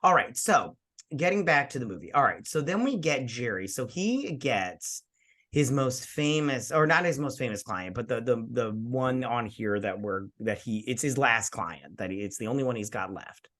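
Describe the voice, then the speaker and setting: A man's voice: mid-range voice, expressive, normal speed, fairly bright tone. Guy cohosting a drunk movie review, rambly, keeps repeating himself, acts out the scenes, medium voice. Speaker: co-host of a movie review show. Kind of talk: casual chat while drinking.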